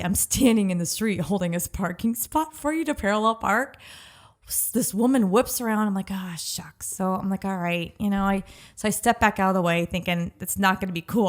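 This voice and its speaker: Woman co-host, casual storyteller, animated with quoted asides, mid-range voice. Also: mid-range voice. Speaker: podcast co-host. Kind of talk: casual chat.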